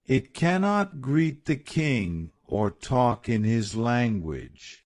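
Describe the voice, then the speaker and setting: A man's voice: medium pitch, very animated, drawn-out words, a little mellow, no echo, studio quality, heavily acted. A man playing a timid, nervous tea seller. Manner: nervous, pleading.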